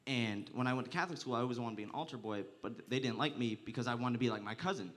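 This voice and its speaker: Bright-voiced young man doing crude stand-up. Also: mid-range voice, racing. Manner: crude, profane storytelling, often laughing through lines. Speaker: stand-up comedian. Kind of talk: stand-up comedy set.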